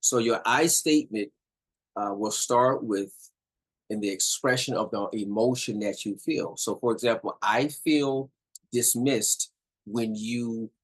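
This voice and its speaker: This middle-aged man has a lowish voice with a breathy edge and speaks at a moderate pace over poor audio. Giving viewers a casual talk about communicating in relationships, he hammers points home, repeats himself, and often asks "all right?".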